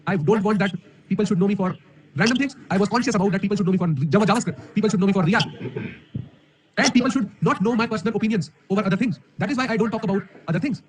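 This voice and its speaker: A man's voice: sits high, racing, slight background noise. A man with an Indian English accent, an online coding teacher speaking energetically to a live audience, full of emphatic rhetorical questions. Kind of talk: live-stream talk to an audience. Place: room alone. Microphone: camera mic.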